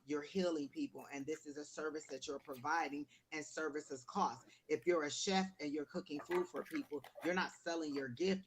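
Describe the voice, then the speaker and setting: A woman reading tarot on a livestream, explaining her points in a conversational way with everyday examples. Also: low voice. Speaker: tarot reader, co-host. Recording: noisy livestream audio.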